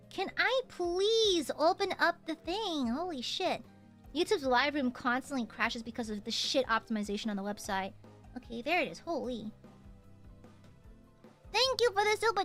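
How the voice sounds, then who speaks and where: Bright, high-voiced woman with a subtle Southern twang. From United States. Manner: chatty, playful, pouty teasing. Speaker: streamer. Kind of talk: casual chat reading donations.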